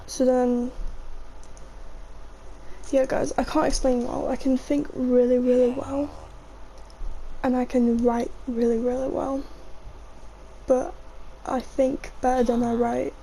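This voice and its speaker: A woman's voice: sits high, level tone, slow, long pauses, warm tone, slight background noise, rough recording. A chatty young woman, rambling casually over her gameplay and often saying "mate". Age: young adult. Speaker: gaming vlogger.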